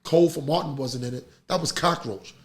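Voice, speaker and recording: A man's voice: fairly high pitch, fairly quick, over a noisy crowd. A middle-aged man, hosting a podcast in casual, heated chat and ranting animatedly. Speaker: podcast host.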